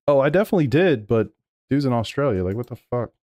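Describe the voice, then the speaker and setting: A man's voice: medium pitch, lively intonation, a little fast, a little mellow, no room sound, clean studio sound. A man streaming sim racing live, talking over race replays and arguing back at his chat with plenty of swearing. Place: home sim racing room.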